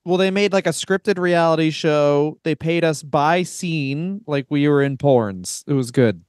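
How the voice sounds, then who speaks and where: A man's voice: on the high side, unhurried, darkish tone, clean tone, dry recording, studio quality. A middle-aged man, a comedian co-hosting a podcast, rambling and restarting his sentences in casual chat.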